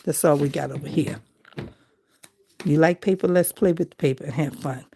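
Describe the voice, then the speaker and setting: A woman's voice: low voice, normal speed, creaky, dark tone, husky. A woman, chatting casually to her viewers as a craft vlogger and telling a story.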